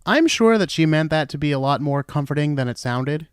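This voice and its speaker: A man's voice: a little high, fast, hardly any pauses, smooth, dry recording, studio quality. A man hosting a podcast, giving blunt, sarcastic commentary. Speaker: podcast host.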